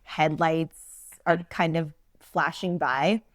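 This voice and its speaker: A woman's voice: deep voice, fairly even intonation, slow pace, dry recording, clean studio sound. A woman in a casual podcast conversation, bubbly and chatty, laughing often and trailing off into fillers.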